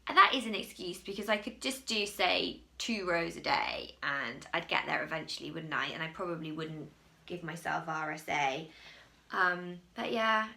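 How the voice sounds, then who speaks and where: A woman from England chats casually to camera about her crochet projects. She rambles and pokes fun at herself. Her voice has a gravelly edge and a bright, forward tone. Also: fairly low pitch. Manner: chatty, rambling, self-mocking. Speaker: crochet podcast host.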